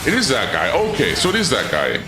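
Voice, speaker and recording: A man's voice: mid-range voice, wildly swooping pitch, fairly quick, echoey room, background noise. A man casually commenting on a game during a live stream, thinking aloud and answering chat. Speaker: gaming streamer.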